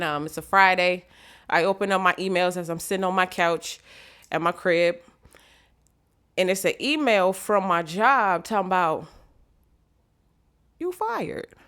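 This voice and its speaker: Woman w/ storytelling, animated, does all the voices. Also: lowish voice, smooth. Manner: animated, acts out quotes. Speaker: vlogger.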